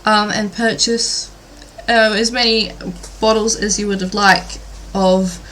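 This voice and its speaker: A woman running a tabletop game, narrating scenes at an unhurried pace. Her tone is bright and forward, and she fills her pauses with ums and likes. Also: medium pitch, fairly even intonation, slight background noise. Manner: hesitant, filler-heavy narration. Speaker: dungeon master.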